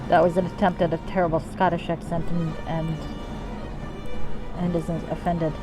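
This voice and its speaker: Woman streamer, fairly low voice, casual rambling gameplay commentary, swears freely, faint game music underneath. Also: level tone, moderate pace. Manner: rambling, tangential and profane. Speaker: streamer playing a video game. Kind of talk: casual let's-play commentary.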